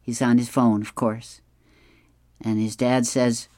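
A reader works through the comics in an unhurried, even voice, chuckling now and then. The recording is dry and close. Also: medium pitch, no echo. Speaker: reader of advice column and comics. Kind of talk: reading comics aloud.

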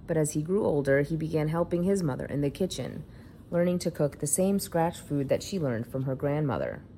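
A woman's voice: low-pitched, lively intonation, fairly quick, dark tone, a little hiss or hum. A woman reading a feature article aloud in a plain narrating delivery.

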